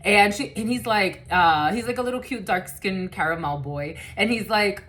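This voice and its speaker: A woman's voice: mid-range voice, moderate pace, a bit bright. A woman giving a casual, chatty collective tarot reading, cursing freely and using many fillers. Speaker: tarot reader.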